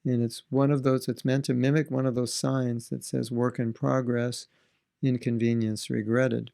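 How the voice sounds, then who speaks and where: A man's voice: mid-range voice, little pitch movement, normal speed, vocal fry, warm tone. A man giving a devotional talk in an earnest, conversational way, asking his listeners rhetorical questions. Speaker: spiritual teacher.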